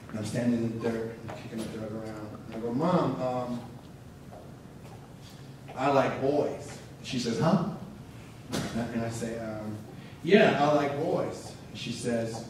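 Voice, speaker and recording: A man's voice: mid-range voice, distant mic, background noise. Man telling his story in an echoey hall. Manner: earnest storytelling, acts out dialogue. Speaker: speaker at a symposium. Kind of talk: personal story told to an audience.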